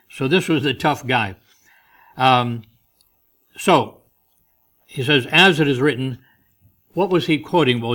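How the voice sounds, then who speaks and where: A man giving a Bible teaching, reading scripture and explaining it in a relaxed, conversational way with light humorous asides. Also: fairly high pitch. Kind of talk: informal Bible study sermon.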